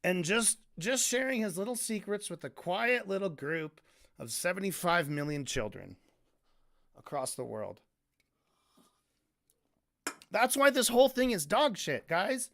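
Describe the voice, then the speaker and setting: Exasperated male streamer, high voice, sarcastic rant. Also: a bit bright. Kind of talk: casual commentary rant.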